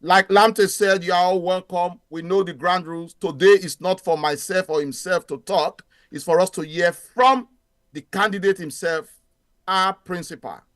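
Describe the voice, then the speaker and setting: Bright high man, dry sound. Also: normal speed, no echo. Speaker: co-host. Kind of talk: online meeting moderation. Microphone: video call.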